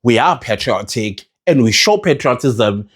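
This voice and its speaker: A man's voice: medium pitch, lively intonation, measured pace. A South African man with a South African accent giving his opinions in a casual vlog, talking passionately and putting questions to his viewers. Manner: impassioned, rhetorical, addresses viewers as guys. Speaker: vlogger.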